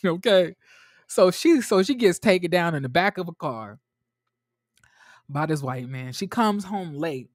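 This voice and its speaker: A man reviewing a TV episode for his viewers in a chatty, animated way, talking straight to them and often restarting his sentences. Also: on the high side, a little slow, long pauses, no echo, clean studio sound. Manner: restarts and trails off a lot. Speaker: TV show reviewer. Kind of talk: casual episode recap to viewers.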